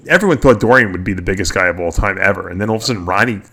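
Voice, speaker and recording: A man's voice: deep voice, rapid-fire, pushed and bright, husky. A middle-aged man hosting a radio show, chatting casually in a rambling way and chuckling often. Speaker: podcast host.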